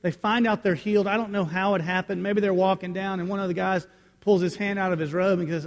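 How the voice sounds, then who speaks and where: A man preaching a sermon as pastor, telling a personal story and moving between loud lines and hushed ones. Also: sits high, fairly even intonation, fast talker, in a large hall.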